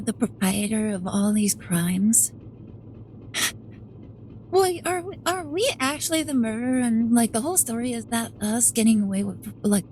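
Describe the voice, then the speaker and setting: Excitable woman streamer, bright high voice. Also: slight background noise. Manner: rambling, filler-heavy, excitable. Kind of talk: casual game-stream chat.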